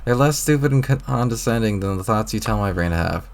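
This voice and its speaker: A man's voice: lowish voice, lively intonation, fast, gravelly. A man voicing a petulant, arrogant young male alien who barks demands and sulks, reading a webcomic aloud. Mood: indignant. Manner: shouty, indignant, demanding.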